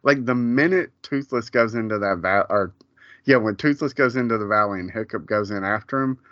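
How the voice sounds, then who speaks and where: A man's voice: lowish voice, brisk, fairly bright tone, no echo. Rambling man in his forties, swearing. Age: 40s. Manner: rambling, many fillers and casual swearing. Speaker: podcast co-host. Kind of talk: casual chat. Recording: dull, lo-fi dry sound.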